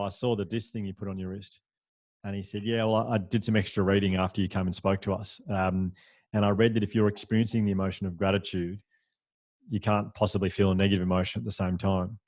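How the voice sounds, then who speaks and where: A man, a podcast guest, telling a story in a lively, anecdotal way, with frequent restarts and fillers. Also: low voice, no room sound. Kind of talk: storytelling in a conversational interview.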